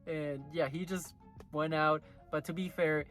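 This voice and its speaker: A man's voice: fairly high pitch, steady tone, a little slow, fairly bright tone, faint music behind. A man casually recapping and reviewing an anime episode, rambling with lots of filler words. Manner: rambling, full of "like" and "you know" fillers.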